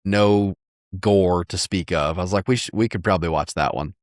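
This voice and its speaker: Deep-voiced man telling a rambling story. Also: moderate pace, no room sound, studio quality. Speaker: podcast co-host. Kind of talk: casual chat.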